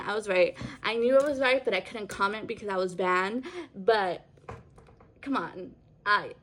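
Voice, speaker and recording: A woman's voice: medium pitch, fairly bright tone. A woman casually retelling an online story in a chatty way, full of fillers. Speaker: vlogger.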